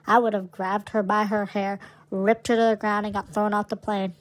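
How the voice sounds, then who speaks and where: A woman's voice: medium pitch, level tone, normal speed, low-quality recording. A young woman co-hosting a podcast, telling wild stories in a brash, profane, dramatic way. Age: young adult. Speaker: podcast co-host. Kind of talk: casual storytelling chat.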